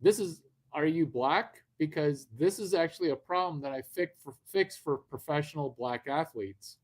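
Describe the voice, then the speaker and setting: A livestream host with a fairly high voice and normal speaking speed talks unscripted to his viewers. He's brash, swears a lot and rambles, addressing the audience directly.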